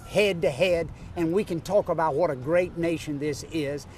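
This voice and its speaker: A man in his sixties with a Louisiana Southern accent, a political candidate giving an emphatic campaign pitch in an interview, driving home his points with repeated lists. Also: moderate pace, darkish tone, slight background noise. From North Louisiana, USA. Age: 60s. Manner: emphatic, repetitive rhetorical lists.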